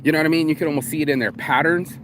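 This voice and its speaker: A man's voice: fairly high pitch, very fast, fairly bright tone, a little hiss or hum. A man vlogging in a casual, rambling monologue, profane and streetwise, calling the listener bro. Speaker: vlogger and shirt designer.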